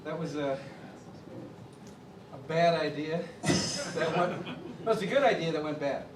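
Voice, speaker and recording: A man from Chicago, a drummer, tells his story at a clinic in an animated way and acts out the voices of the people he quotes. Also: a little high, unhurried. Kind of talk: storytelling interview. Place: drum clinic in a studio room. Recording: distant mic in an echoey room with background noise.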